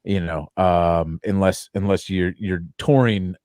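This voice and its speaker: A man hosting a podcast, telling stories in an animated, stumbling way. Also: deep voice, unhurried, no echo, studio quality. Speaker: podcast host. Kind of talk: casual podcast chat.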